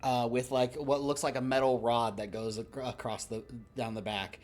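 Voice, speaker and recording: A man's voice: medium pitch, level tone, normal speed. A man narrating a tabletop game as game master, rambling through fillers and frequent laughter.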